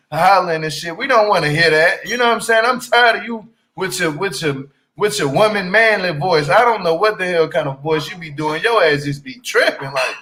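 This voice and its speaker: Man, high-pitched voice, blunt profane rant, casual reaction commentary. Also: bright, forceful tone, rough recording. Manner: blunt, profane, exasperated ranting. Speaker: reality TV commentator.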